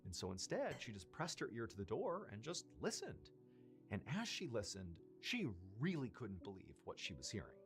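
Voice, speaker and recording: A man's voice: on the low side, wildly swooping pitch, normal speed, fairly bright tone, soft background music. A man narrating a creepy story from a played video, building suspense.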